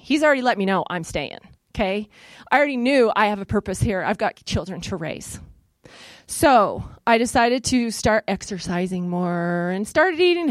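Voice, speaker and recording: A middle-aged woman telling a personal story to an audience, lively and self-deprecating, acting out what she and others said. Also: medium pitch, no echo. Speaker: speaker sharing a personal story. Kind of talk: personal testimony talk to an audience. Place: in front of a live audience.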